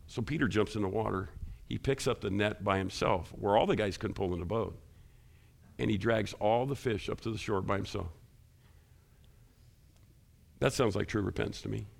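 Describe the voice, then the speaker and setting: Gravelly-voiced man preaching a sermon. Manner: animated preaching, rising loud and high when stressing points; talks to the congregation with questions. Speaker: pastor.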